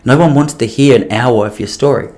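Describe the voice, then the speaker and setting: A man's voice: medium pitch, fairly quick, a little mellow, voice pushed down, close to an everyday voice. A man voicing a blunt, laid-back young male friend who talks in offhand slang. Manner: mumbled, offhand, calls everyone bro.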